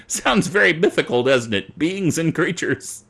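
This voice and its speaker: A man hosting a casual tech show, excitable and giggly, with jokey asides, talking into a studio microphone. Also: on the high side, vocal fry, breathy edge.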